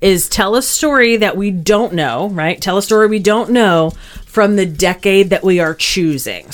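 A young woman co-hosting a casual podcast, chatty and rambling, often restarting her sentences. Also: fairly low pitch. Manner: chatty, rambling, self-correcting. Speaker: podcast co-host.

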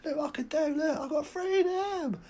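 A man voicing a frenzied, unhinged man freed from lockdown, yelling in a shrill falsetto shriek. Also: very animated, normal speed, heavily acted.

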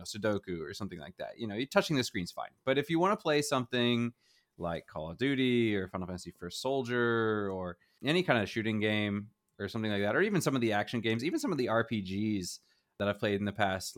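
A middle-aged man co-hosting a casual gaming chat show, rambling and hedging with frequent chuckles. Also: fairly low pitch. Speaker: podcast co-host.

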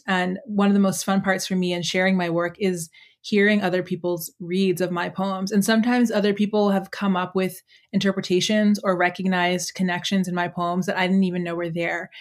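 Low, even-toned reflective woman poet. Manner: reflective, measured, with frequent ums. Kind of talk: thoughtful conversational explanation.

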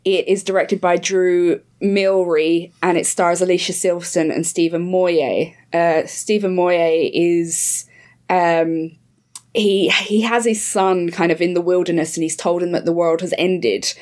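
A woman's voice: lowish voice, steady tone, a little slow, a little mellow. A woman chatting casually on a podcast, giving blunt, emphatic film opinions and swearing freely. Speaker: podcast guest.

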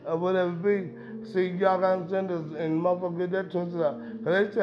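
A man's voice: high-pitched, level tone, fast, crowd noise. A man hosting a podcast in a rambling, profane, emphatic casual monologue. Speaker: podcast host. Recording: dull lo-fi sound with music behind.

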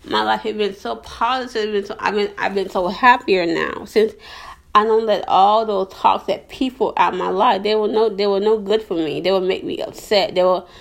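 A woman's voice: mid-range voice, steady tone, moderate pace, creaky. Earnest woman podcaster preaching positivity. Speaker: podcast host. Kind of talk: casual faith-based podcast monologue.

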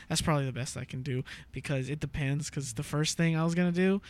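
A man's voice: a little high, fast talker, darkish tone. A man chatting casually with friends, giggly and hesitant. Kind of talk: casual chat.

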